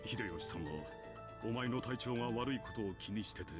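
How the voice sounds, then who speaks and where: An actor voicing a firm, authoritative middle-aged man in a visual novel, speaking to calm someone. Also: mid-range voice, very fast, over music, natural voice. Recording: game soundtrack under voice.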